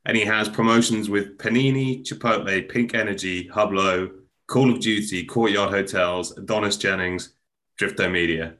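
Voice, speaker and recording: Bright-voiced man, halting and thoughtful. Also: fairly low pitch. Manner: hesitant, many ums and restarts. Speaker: podcast co-host. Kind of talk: casual sports discussion.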